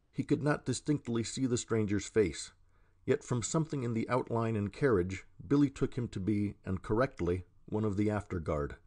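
A man reading an audiobook in a measured, scripted narration. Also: on the low side, darkish tone.

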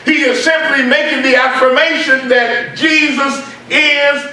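A very high-pitched man delivers an emphatic sermon, driving home key points by repeating them. He speaks slowly and deliberately. The sound is heavily echoey and picked up from a distance in a church. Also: steady tone, sharp tone. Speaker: preacher. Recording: very echoey room, mic far off.

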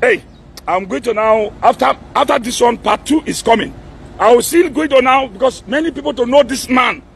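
High, gravelly Nigerian pastor scolding loudly. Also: male voice, moderate pace, slight background noise. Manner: scolding, repeatedly demands "are you hearing me"; bursts into shouting. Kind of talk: angry video rebuke.

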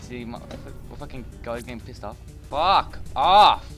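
Loud, excitable man yelling over game music. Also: mid-range voice, measured pace. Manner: loud, profane, excitable outbursts. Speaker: gaming YouTuber. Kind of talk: game commentary.

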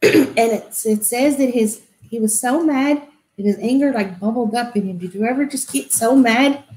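A woman telling a Bible story to children in an animated way, asking them questions. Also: fairly high pitch, moderate pace. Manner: animated, asks kids questions. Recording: echoey room.

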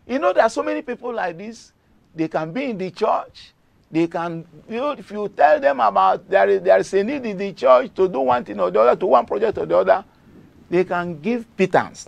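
A middle-aged Nigerian man preaching a devotional sermon with a high, gravelly voice. His pitch swings widely as he drives points home, repeating key phrases for emphasis. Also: no room sound.

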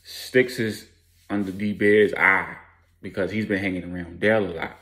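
A man telling a story casually in street slang, animated and adding sound effects. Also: low-pitched, normal speed.

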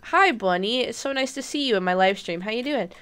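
A young woman streaming a game live, bubbly and giggly, chatting excitedly with her viewers. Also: on the high side, brisk, clean tone. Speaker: gaming streamer. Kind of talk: live-stream gameplay chat.

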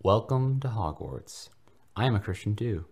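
A man voicing a pious, overeager young boy who screeches excitedly to greet others. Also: fairly low pitch, moderate pace, slightly rough, pitched above the performer's own voice. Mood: friendly.

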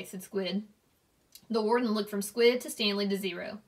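Female reader, steady read-aloud narration of a novel. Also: mid-range voice, normal speed. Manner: steady, clear storytelling.

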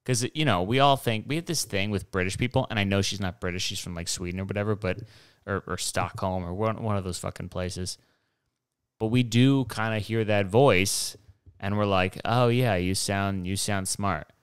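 A man's voice: fairly low pitch, moderate pace, clean tone, dry recording, studio quality. A young man rambling through a solo podcast monologue, digressive and profane, with mocking asides. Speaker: podcast host.

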